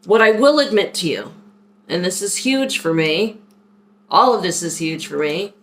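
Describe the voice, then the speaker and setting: A woman's voice: fairly low pitch, lively intonation, measured pace. A woman talking openly and at length in a personal vlog, rambling and heartfelt as she speaks to a viewer. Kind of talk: candid personal vlog talk.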